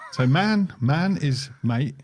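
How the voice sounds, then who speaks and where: A man's voice: fairly high pitch, animated, slow pace. Middle-aged English man chatting casually. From England. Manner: conversational, restarts and repeats words, steers topics. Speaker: podcast co-host. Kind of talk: casual chat.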